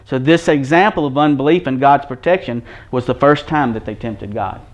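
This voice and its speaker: A man's voice: mid-range voice, normal speed. Earnest man preaching, dull lo-fi sound. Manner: earnest, repeats points, checks in with listeners. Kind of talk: Bible-teaching sermon. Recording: dull lo-fi recording.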